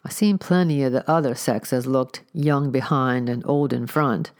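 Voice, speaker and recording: A woman doing a slow, gruff old-time constable. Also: extremely low pitch, darkish tone. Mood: muttering. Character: gruff working-class male London constable.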